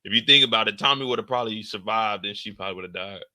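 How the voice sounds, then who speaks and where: A man rattles off very fast, profane, animated reactions to a TV show, squealing and shouting high as he acts out scenes, captured in a dry recording.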